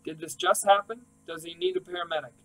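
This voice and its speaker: A composed female emergency operator runs through her questions in a brisk, procedural way. A male audiobook reader voices her. She stays even and businesslike throughout. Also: high-pitched, gravelly, faint music behind, voice pushed up, heavily acted, low-quality recording.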